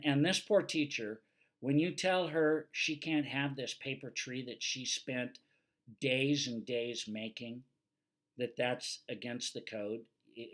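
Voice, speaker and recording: An older man, a retired fire safety instructor, giving a plainspoken, teasing lecture over slides and firmly repeating his warnings. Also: mid-range voice.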